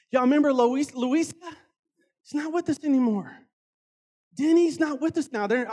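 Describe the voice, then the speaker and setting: A man, a lay preacher and father, giving an earnest, emphatic sermon in a church, repeating phrases for stress. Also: very high voice.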